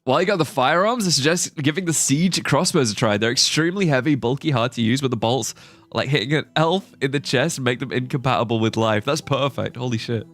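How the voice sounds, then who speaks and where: A young man with a bright, medium-pitched voice talks fast while streaming a game. He keeps up casual, rambling chatter full of fillers, thinking aloud as he plays.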